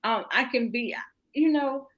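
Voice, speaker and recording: Woman, 40s, interview guest, fairly high voice, open and warm-humored delivery. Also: a little slow, low-quality recording. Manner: candid, laughs often, repeats "really and truly". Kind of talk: casual interview chat.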